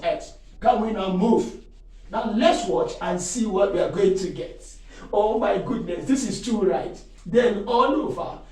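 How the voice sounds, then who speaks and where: A man with a high voice teaches calculus, stopping again and again to quiz his listeners with "what?" and to ask if they are still there. He sounds far from the mic, in a very echoey room that rings around every phrase. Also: darkish tone. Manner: quizzing listeners with leading "what?" prompts; checks in often and exclaims to himself. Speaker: maths teacher. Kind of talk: classroom-style maths lesson.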